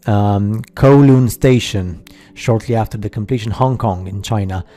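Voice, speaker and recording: Dark-voiced man, halting skeptical narration. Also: fairly low pitch. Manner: halting, many fillers and restarts, skeptical asides. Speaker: narrator of a slideshow video. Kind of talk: casual voice-over commentary.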